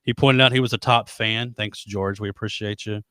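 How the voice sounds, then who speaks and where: A man's voice: lowish voice, fairly even intonation, normal speed, sharp tone, clean tone, dry recording. A man hosting a casual live web show, rambling and joking about himself as he chats with his co-host. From United States. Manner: chatty, rambling, self-deprecating jokes. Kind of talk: casual live-stream chat.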